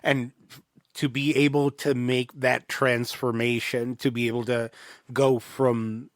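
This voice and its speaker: A man co-hosting a casual podcast chat, talking in a halting way with many pauses. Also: medium pitch, little pitch movement, dry recording. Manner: slow, halting, gives short agreements. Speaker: podcast co-host.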